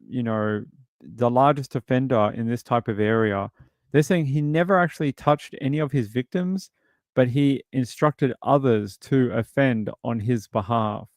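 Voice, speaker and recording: A man's voice: mid-range voice, darkish tone, dry recording, studio quality. A British man hosting a true crime livestream, talking casually and reading out chat messages. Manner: rambling, reads chat aloud. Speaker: streamer host.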